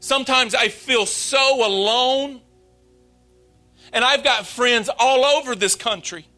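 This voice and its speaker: A man's voice: very high voice, pushed and bright, soft background music. A man in his late thirties preaching a sermon as pastor, speaking earnestly and openly about his own struggles. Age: 30s. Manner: earnest, confessional, slow and emphatic.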